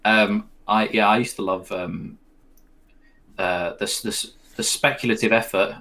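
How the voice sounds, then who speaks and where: A low-voiced man talks through a football match live with a friend. He rambles with fillers and chuckles between calls of the play. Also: steady tone, unhurried, pushed and bright. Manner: chatty, rambling, with fillers and laughs. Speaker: co-host of a match watch-along.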